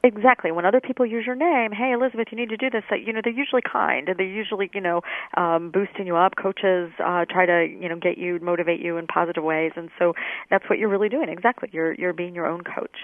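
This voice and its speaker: A woman's voice: fairly low pitch, fairly even intonation, fairly quick, no echo. A woman guest expert explaining things in a conversational way, thoughtful, with many fillers and restarts. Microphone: telephone. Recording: dry tinny phone line.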